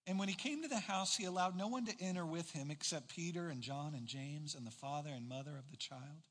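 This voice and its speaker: A man preaching a sermon, telling the story with animated, acted-out quotes. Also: a little high, brisk, in a large hall. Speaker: pastor.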